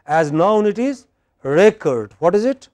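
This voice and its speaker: A man with a fairly high voice runs a patient pronunciation drill, modelling words slowly and cueing each answer with short prompts. The sound is dry and close, with no room echo. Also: animated, a little mellow. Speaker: English pronunciation teacher. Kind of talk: classroom drill lesson.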